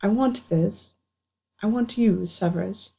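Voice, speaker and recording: A woman voicing an eager, earnest young male wizard, a little higher than her narration, in a storybook reading. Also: a little slow, vocal fry, dark tone, husky.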